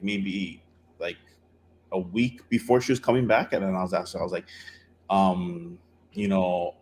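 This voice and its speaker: A man's voice: low-pitched, slight background noise. A middle-aged man co-hosting a podcast, telling a dating story in a rambling, casual way. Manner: rambling, many fillers and restarts. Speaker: podcast co-host.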